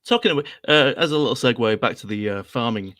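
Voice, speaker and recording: A man's voice: mid-range voice, animated, fast, fairly bright tone, dry recording. A man chatting casually who teases the others along and chuckles easily. His voice sits in a middle range, dry and close to the mic. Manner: teasing, chuckles often. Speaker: podcast panelist. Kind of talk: casual chat.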